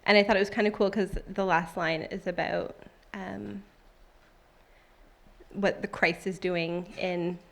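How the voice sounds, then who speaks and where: A woman's voice: mid-range voice, steady tone, measured pace, vocal fry. A woman in her thirties at a church service, sharing a personal testimony in a conversational, heartfelt way and then reading scripture aloud. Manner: conversational and heartfelt, with many fillers.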